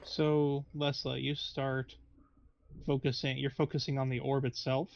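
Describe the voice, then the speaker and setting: A man's voice: mid-range voice, flat delivery, measured pace, gravelly, highs cut off, slight background noise. A man narrating as game master of a tabletop game in a meandering, hesitant way. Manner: meandering, hesitant, frequent restarts.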